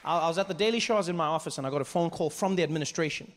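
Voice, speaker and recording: A man from South Africa doing stand-up comedy on a theater stage with a handheld mic, telling stories in a conversational, animated way. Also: a little high, rapid-fire. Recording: long reverb of a live theater with faint noise.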